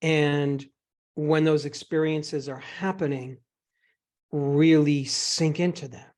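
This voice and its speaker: A man with a slightly raised voice coaches a guest through a session. He talks gently and reassuringly, walking through one example after another. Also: fairly high pitch, steady tone, takes it slowly. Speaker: host and eating psychology coach.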